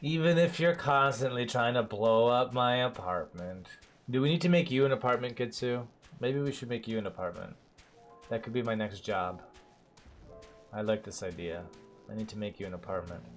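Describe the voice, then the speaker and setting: A man's voice: medium pitch, moderate pace, faint music behind. Joking man chatting on a game stream. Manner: playful, joking, swears when frustrated. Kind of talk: casual gaming livestream chat.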